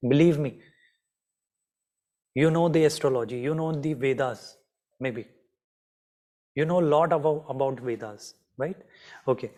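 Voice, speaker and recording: A man's voice: a little high, darkish tone. A man teaching an online astrology class, often asking students by name and repeating his questions.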